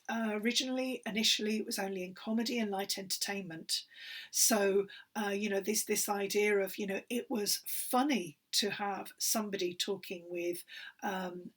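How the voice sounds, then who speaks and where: A woman lecturer giving a recorded university lecture, pausing often with fillers and restarts. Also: medium pitch, breathy edge. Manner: hesitant, many fillers and restarts.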